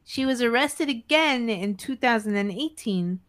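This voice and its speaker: A woman's voice: a little high, lively intonation, normal speed, fairly bright tone. Laid-back woman telling a true-crime story. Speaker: podcast co-host, storyteller. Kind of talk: casual true-crime chat.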